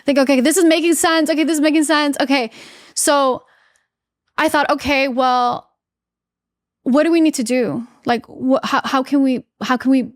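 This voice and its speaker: A woman's voice: fairly high pitch, dry recording, studio quality. A woman in her thirties, a podcast guest, earnestly telling a personal story and acting out what people said. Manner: candid, earnest, acts out her own quoted lines.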